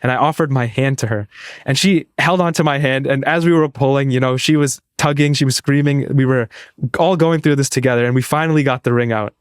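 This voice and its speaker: A man's voice: medium pitch, brisk, clean tone, no echo, clean studio sound. A young man, a pre-med student, telling an earnest story as a podcast guest. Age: young adult. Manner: earnest, eager, restarts phrases. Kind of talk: casual interview storytelling.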